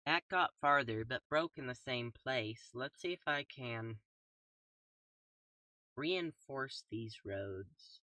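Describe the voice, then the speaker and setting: Slow, soft-spoken young gamer man. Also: medium pitch, no echo, distant mic. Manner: calm, soft-spoken, playful made-up sound words. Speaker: gaming YouTuber. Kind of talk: casual gameplay commentary.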